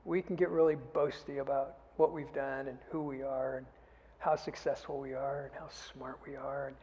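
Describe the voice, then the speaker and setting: Older pastor preaching in a reverberant hall. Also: male voice, mid-range voice, flat delivery, normal speed. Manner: earnest, swells louder then drops to a near whisper. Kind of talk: sermon. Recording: dull sound with long hall reverb.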